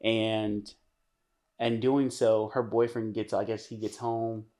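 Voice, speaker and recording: A man's voice: on the low side, level tone, takes it slowly, warm tone. Man rambling through a story. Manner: rambling, many restarts, acts out quotes. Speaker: podcast co-host. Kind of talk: casual storytelling chat.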